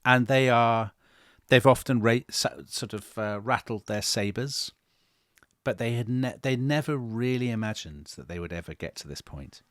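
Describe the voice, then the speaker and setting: A man's voice: medium pitch, moderate pace, fairly bright tone, no room sound, clean studio sound. A middle-aged man co-hosting a history podcast, retelling events dramatically and acting out quotes. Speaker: podcast co-host. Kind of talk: animated historical storytelling.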